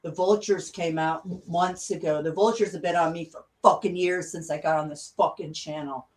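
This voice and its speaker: A conspiracy vlogger with a lowish, steady, slightly mellow voice delivers a furious, profane rant at a moderate pace. She swears constantly and keeps repeating herself.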